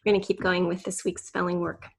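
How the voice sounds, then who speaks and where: A woman teacher recording a spelling lesson for children at home, sounding out words slowly and syllable by syllable on a computer mic. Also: fairly low pitch, flat delivery. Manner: slow, clear, drills words and syllables.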